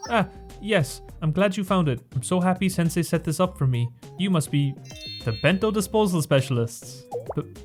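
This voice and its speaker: A man's voice: on the high side, close to an everyday voice. A man voicing a small, eager, polite girl shop clerk who talks in a sweet and apologetic way.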